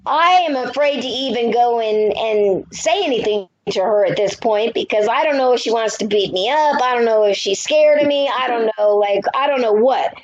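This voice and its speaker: A woman in her fifties tells a story on a radio show with a fairly high voice and lively delivery. She acts out the lines she and others said. The sound is dull and lo-fi. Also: moderate pace, hardly any pauses, a crowd in the background. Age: 50s. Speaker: guest psychic medium. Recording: dull lo-fi audio.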